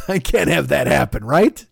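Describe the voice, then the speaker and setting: A man's voice: fairly high pitch, creaky, background noise. A man co-hosting a comedy podcast, rambling and self-deprecating, talking into a studio microphone. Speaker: podcast co-host.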